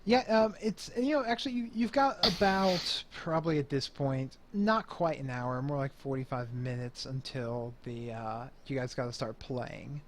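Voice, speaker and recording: A man's voice: mid-range voice, moderate pace, hardly any pauses, a little hiss or hum. A man running a tabletop horror game, narrating with many fillers and restarts. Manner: hesitant, filler-heavy narration. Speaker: game master.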